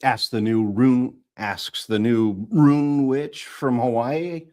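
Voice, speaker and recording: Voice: medium pitch, fairly even intonation, takes it slowly, warm tone. An audiobook narrator reading a comic fantasy story live, retaking and repeating lines, with playful voice acting.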